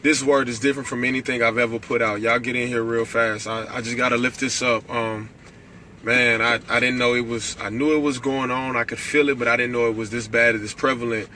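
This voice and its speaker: Fervent preaching man, bright and forceful. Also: medium pitch, level tone, a little fast, slight background noise. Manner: rising to fervent preaching with call-outs to viewers. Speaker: pastor. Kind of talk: Facebook live sermon. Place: at his workplace. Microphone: phone.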